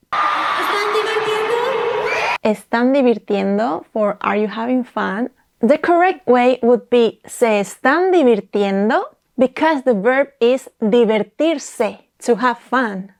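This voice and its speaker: A woman from Spain with a Spanish accent, a native speaker teaching grammar by slowly repeating and explaining example sentences. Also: a little high, a little mellow. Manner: slow careful repetition of examples. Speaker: language teacher. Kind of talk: explaining language points.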